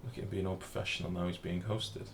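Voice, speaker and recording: A man's voice: deep voice, steady tone, quick pace, vocal fry, slight background noise. A man, streaming a game live and chatting casually while reading out chat messages and swearing freely.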